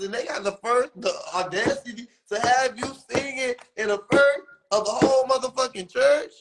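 High-voiced man ranting profanely. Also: moderate pace, hardly any pauses, fairly bright tone, rough recording. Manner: profane, exaggerated ranting, mocking falsetto impressions. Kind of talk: comedic rant.

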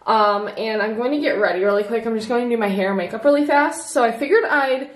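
A young woman talks casually to her camera at home, rambling and laughing between thoughts. Her voice sits a little high. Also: quick pace. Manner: chatty, rambling, lots of ums and laughs. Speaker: vlogger. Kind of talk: casual vlog chat. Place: home office.

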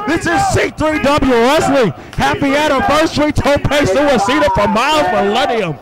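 A man calling a live wrestling match play by play, excitable and often shouting. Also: very high-pitched, moderate pace, few pauses. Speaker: wrestling commentator. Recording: loud background noise.

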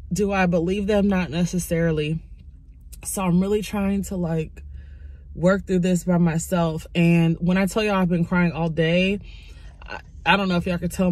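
A woman in her twenties, tearful from crying, talking haltingly and candidly into her phone in a confessional vlog. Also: fairly low pitch, a little mellow. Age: 20s. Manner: halting, raw and candid, many pauses. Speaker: YouTuber.

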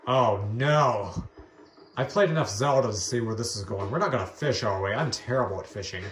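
A man's voice: medium pitch, expressive, normal speed, fairly bright tone, reverberant, slight background noise. A man giving casual gameplay commentary, giggling and making fun of his own skills. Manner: giggly, self-deprecating chatter. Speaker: let's play host.

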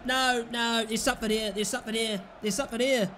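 Young British man, gameplay commentator, very high voice, exasperated and shouty. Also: a little fast, hardly any pauses, a little hiss or hum. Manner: exasperated, yells at his players and the referee. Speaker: gaming YouTuber.

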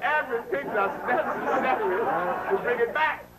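Over a noisy crowd, a man with an extremely high-pitched voice at normal speed gives an informal health talk to a live audience. He tells stories casually, laughs at his own jokes, and acts out the voices of people he quotes, captured by a distant mic with faint noise.

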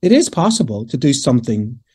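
A Northern Irish man in his fifties, a singer answering interview questions in a lively, storytelling way and acting out the voices of people he quotes. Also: medium pitch, a little fast, breathy edge. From Northern Ireland. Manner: animated, digressive, acts out quoted voices. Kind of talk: conversational storytelling.

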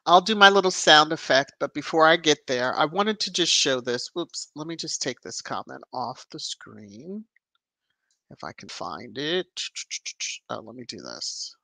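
A woman hosting a casual livestream, chatting and greeting viewers by name with lively rises in her voice. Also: very deep voice, unhurried, gravelly, dry recording. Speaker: livestream host. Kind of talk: casual live chat reading viewer comments.

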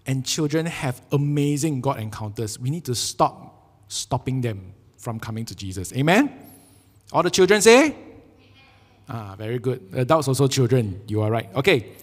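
A man preaching a sermon with a Singaporean English accent, telling jokey, animated stories and acting out quotes. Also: mid-range voice, moderate pace, in a large hall. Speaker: pastor. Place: church sanctuary.

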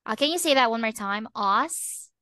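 A woman English teacher giving a slow, patient online lesson over a video call. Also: a little high, lively intonation, bright, forceful tone, no echo.

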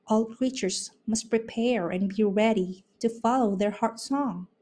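A woman voicing a gentle, calm mother deer who speaks softly in a storybook reading. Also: fairly high pitch, a little slow. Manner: soft, gentle, soothing.

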